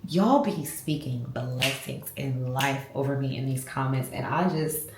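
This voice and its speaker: A low-pitched woman chats to her viewers in a casual home vlog. She sounds heartfelt and faith-filled. Her voice rings off the walls of an echoey room. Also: a little slow, hardly any pauses. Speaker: lifestyle vlogger. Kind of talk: casual vlog talk to camera.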